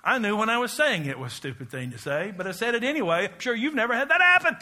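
A middle-aged man preaching a sermon, telling stories with self-mocking humor and bursts of loud exclamation. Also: high-pitched, very animated, quick pace. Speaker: pastor.

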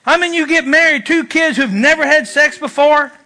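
A man preaching a sermon in church, joking and animated, swinging from loud urging to hushed asides. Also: very high-pitched, normal speed. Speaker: pastor.

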